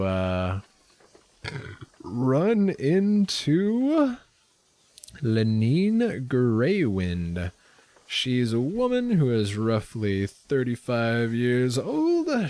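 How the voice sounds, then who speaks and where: A man's voice: fairly low pitch, a little mellow. A young man narrating as game master in a casual, hesitant way with many fillers.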